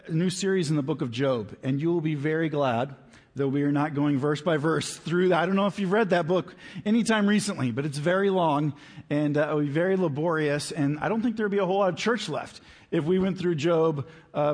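A man preaching a sermon as pastor, conversational and emphatic, slowing down to stress key words. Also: on the high side. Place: church sanctuary. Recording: long hall reverb.

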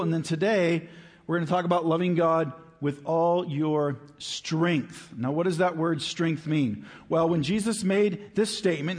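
A man preaching a sermon as pastor, conversational and emphatic, slowing down to stress key words. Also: on the high side. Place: church sanctuary. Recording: long hall reverb.

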